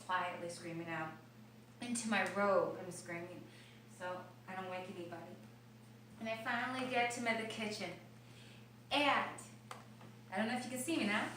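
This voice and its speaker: A woman vlogging about her illness in her kitchen, telling her story with animated gestures and sometimes dropping to a quiet whisper. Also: medium pitch. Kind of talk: personal video diary. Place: kitchen of an old house. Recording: roomy, distant mic with faint noise.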